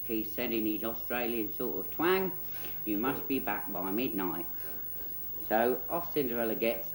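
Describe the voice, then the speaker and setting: Bloke reading a rude kids' story, cheeky and giggly, echoey room. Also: male voice, mid-range voice, slight background noise. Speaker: presenter and storyteller. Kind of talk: comic spoof children's story. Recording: roomy echo.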